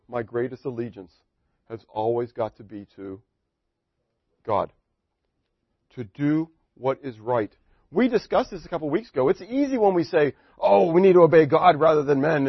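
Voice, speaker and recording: A man's voice: mid-range voice, breathy edge, no room sound, highs cut off. A middle-aged man preaching as a pastor, in a joking, conversational way, full of rhetorical questions to his congregation. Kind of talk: sermon.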